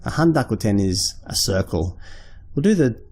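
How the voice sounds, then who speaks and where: A man teaching a lesson at a board, slowly and patiently repeating syllables and correcting himself aloud. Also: lowish voice, very animated, creaky, a little mellow. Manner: thinks aloud, self-correcting. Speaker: language teacher. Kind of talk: whiteboard lesson.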